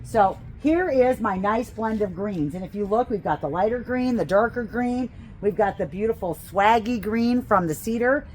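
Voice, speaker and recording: Woman instructor, enthusiastic hands-on demo, average pitch, light outdoor ambience. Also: animated, normal speed, darkish tone, slight background noise, rough recording. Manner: enthusiastic, chatty, gushing over plants. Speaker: gardening instructor. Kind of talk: how-to demonstration. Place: outdoors on a porch.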